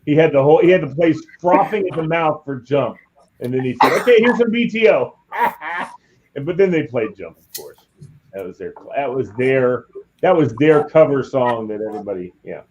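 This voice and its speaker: A man co-hosting a casual livestream chat, telling animated stories. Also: mid-range voice, a little fast. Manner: storytelling, animated. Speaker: co-host. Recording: dull lo-fi sound, faint noise.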